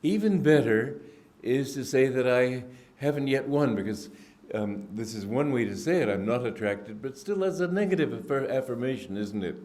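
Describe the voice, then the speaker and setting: A man giving a spiritual discourse, telling stories in an unhurried, reflective way with frequent restarts and throat-clearing. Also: medium pitch, animated, darkish tone. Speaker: spiritual teacher. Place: indoor gathering hall.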